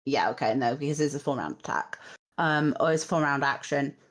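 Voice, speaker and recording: A woman's voice: extremely low pitch, fairly quick. A woman acting as game master of a tabletop game, narrating and thinking aloud through the rules.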